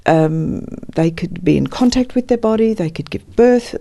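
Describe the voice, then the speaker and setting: A woman's voice: medium pitch, lively intonation, normal speed, creaky, warm tone. A woman, a counselor and former midwife, talking reflectively in an interview, searching for words with many restarts.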